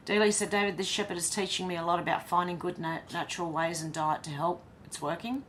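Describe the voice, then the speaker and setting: A woman's voice: lowish voice, fast talker, a bit bright, a little hiss or hum. An Australian woman hosting a casual livestream, reading viewers' comments aloud and chatting back to them. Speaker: livestream host reading chat.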